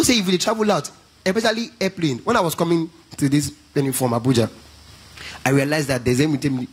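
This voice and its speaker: A man with a Nigerian accent doing a lively stand-up routine at a church event, telling stories in pidgin and breaking into gospel song. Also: fairly high pitch, husky. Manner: animated storytelling, mixing pidgin, bursting into gospel song. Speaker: stand-up comedian.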